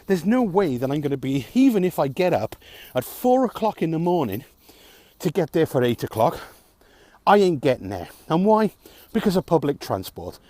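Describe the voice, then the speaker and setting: A man's voice: on the high side, very animated, moderate pace, dark tone, no room sound. A man talking alone to camera in a frustrated, sarcastic rant, swearing often. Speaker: vlogger. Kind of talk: ranting vlog monologue.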